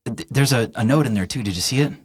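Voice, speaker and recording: A man voicing an eager, fast-talking young male tinkerer who rambles excitedly. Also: medium pitch, husky, pitched above the performer's own voice, close to an everyday voice. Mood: rambling.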